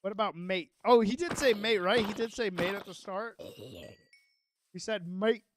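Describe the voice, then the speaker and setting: High-voiced, excitable male streamer. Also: moderate pace, background noise. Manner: excitable, rambling, self-interrupting. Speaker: gaming streamer. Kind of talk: casual livestream chat while playing.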